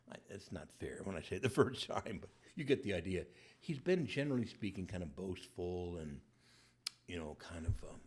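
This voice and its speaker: A man's voice: low voice, a little mellow, breathy edge. A male priest giving a conversational sermon, acting out the dialogue as he goes.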